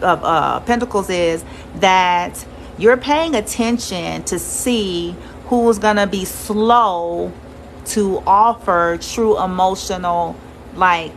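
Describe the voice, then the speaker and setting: A woman's voice: medium pitch, poor audio. A woman with a mid-range voice reads tarot cards for her viewers in a casual, loose way. She is blunt, swears freely and laughs often, with faint noise in the background. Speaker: tarot reader.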